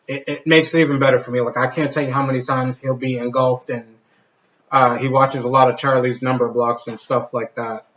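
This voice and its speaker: A man's voice: mid-range voice, fairly bright tone. A man co-hosting a podcast, telling candid stories about his kid with plenty of swearing and restarts. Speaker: podcast co-host. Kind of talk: casual podcast chat. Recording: echoey room, dull lo-fi sound.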